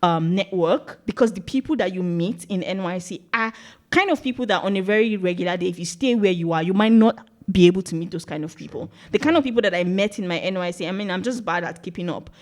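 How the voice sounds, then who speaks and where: A young Nigerian woman with a Nigerian accent, a podcast guest telling stories in casual chat, animated and laughing often. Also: fairly low pitch, fast talker. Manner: animated storytelling with frequent laughs.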